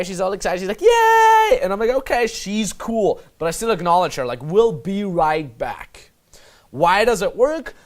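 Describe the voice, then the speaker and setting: A man acting as a dating coach, giving casual, emphatic voice-over commentary on his footage and swearing freely. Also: sits high.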